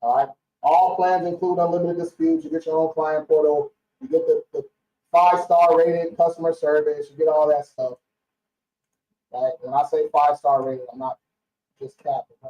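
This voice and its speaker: Young guy ranting on a live stream, fired up, cussing, slangy, highish voice, kinda far off and echoey. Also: steady tone, moderate pace, mellow. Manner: blunt, fired-up, slangy, swears freely. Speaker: credit repair business owner hosting a live stream. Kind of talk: casual live-stream talk. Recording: roomy, distant, dull lo-fi stream audio.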